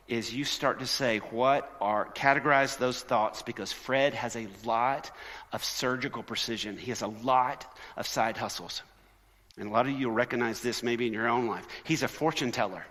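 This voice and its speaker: A man giving a conversational, sermon-style conference talk, animated and lively, often acting out quoted voices. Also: medium pitch. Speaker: conference speaker. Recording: long hall reverb.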